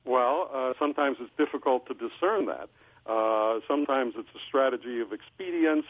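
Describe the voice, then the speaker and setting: An older male political columnist on a phone line, talking in a measured way with many filler uhs and restarts. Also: medium pitch. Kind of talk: phone-in interview commentary. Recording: phone line, husky tinny sound.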